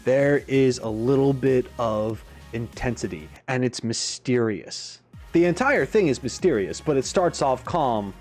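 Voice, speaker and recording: Animated man musing in casual commentary. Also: medium pitch, unhurried, soft background music. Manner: animated, musing, frequent asides. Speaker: reaction video host.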